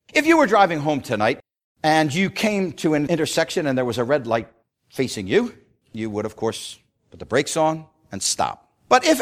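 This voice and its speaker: A man preaching a sermon, retelling scripture with dramatic storytelling that swings between loud declarations and hushed passages. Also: fairly high pitch.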